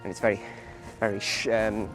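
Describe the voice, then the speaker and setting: A man's voice: fairly low pitch, flat delivery, brisk, music in the background. A man from England bantering drily on an outdoor countryside walk. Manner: jokey, dry banter. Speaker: travel vlogger. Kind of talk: casual chat on a walk.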